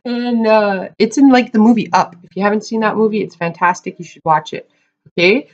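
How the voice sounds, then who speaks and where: A woman's voice: mid-range voice, steady tone, a little fast, a little mellow. A woman giving a casual tarot reading to her viewers, chatty and laughing often as she talks to "you guys.". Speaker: tarot reader. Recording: dull lo-fi sound.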